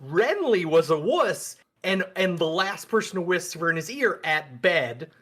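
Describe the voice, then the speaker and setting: A man's voice: high-pitched, very animated, measured pace, fairly bright tone. A man co-hosting a podcast, going off on joking tangents in a casual discussion. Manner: teasing, goes off on tangents. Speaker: podcast co-host.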